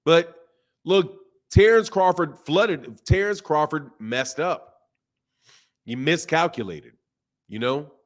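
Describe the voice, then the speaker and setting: A fairly high-voiced man hosting a casual boxing livestream. He talks loosely in slang and jumps between points with lots of restarts. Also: takes it slowly, long pauses. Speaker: boxing channel host. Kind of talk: casual livestream chat reading super chats.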